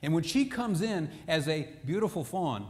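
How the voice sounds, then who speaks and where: A man preaching a sermon, telling humorous, animated stories to make his points. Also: fairly high pitch, moderate pace, long reverb tail.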